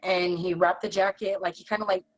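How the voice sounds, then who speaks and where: Halting young woman on a dull recording. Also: on the low side, flat delivery, no room sound. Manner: halting, earnest, heavy use of "like". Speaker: interview guest. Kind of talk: personal storytelling in conversation.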